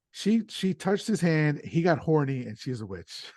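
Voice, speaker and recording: A man hosting a podcast, retelling the plot of an old film in an animated, casual way with fillers. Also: a little high, unhurried, dry recording, studio quality. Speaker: podcast host.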